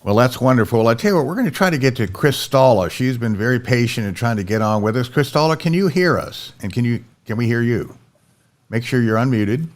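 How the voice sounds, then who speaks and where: Casting: male co-host, animated intonation, brisk and upbeat, off-mic. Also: medium pitch. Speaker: show co-host taking calls.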